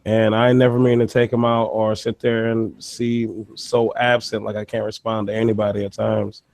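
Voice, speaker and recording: A man's voice: lowish voice, flat delivery, normal speed, vocal fry, a little mellow, no echo. A man talking as a guest on a casual livestream, rambling with lots of fillers in a confessional way.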